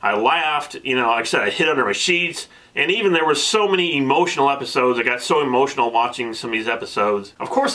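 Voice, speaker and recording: Guy in his 30s vlogging, excited storytelling, bright punchy voice, keeps restarting. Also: medium pitch. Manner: gets emotional. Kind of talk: casual storytelling vlog.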